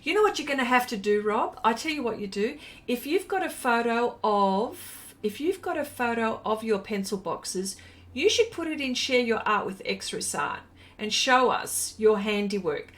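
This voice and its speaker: A woman's voice: a little high, lively intonation, normal speed, fairly bright tone. An Australian woman hosting a casual art live stream. She chats with viewers, reads their comments aloud and laughs often. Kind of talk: casual live-stream chat while painting.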